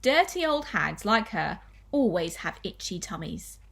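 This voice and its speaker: A woman primary school teacher reading a children's story aloud with expressive storytelling. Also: medium pitch, measured pace, vocal fry.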